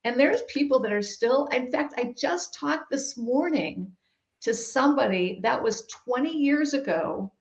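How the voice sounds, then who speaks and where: A woman guest telling a personal story in a podcast conversation, emphatic and lively. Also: high voice, unhurried. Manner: animated, emphatic storytelling with laughs. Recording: roomy, dull-sounding recording.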